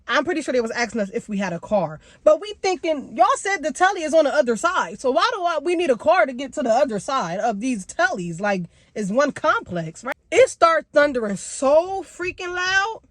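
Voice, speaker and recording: A young woman vlogger telling a story casually, animated and slangy, with big jumps in pitch. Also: moderate pace, few pauses, no echo.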